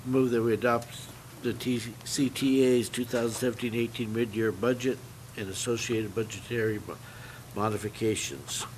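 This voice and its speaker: A man's voice: mid-range voice, steady tone, moderate pace, darkish tone. A man on a board formally making a motion at a public meeting. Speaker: board member. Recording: noisy, distant meeting-room mic.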